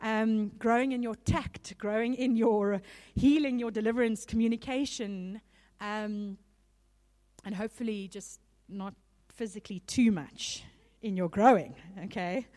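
A woman preacher with a voice on the high side delivers an unhurried, conversational sermon, a little nervous, with warm small laughs between points.

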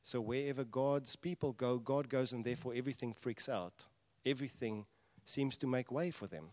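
A man preaching a sermon, telling the story animatedly and acting out voices with sudden loud bursts. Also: medium pitch, moderate pace. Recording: long reverb of a large hall.

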